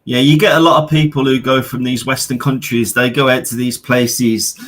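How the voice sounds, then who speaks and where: A British man calls in to a chat show on a weak connection, talking brashly and casually, swearing a lot and saying "bro" constantly. His mid-range voice is a bit bright, with a flat delivery at normal speed.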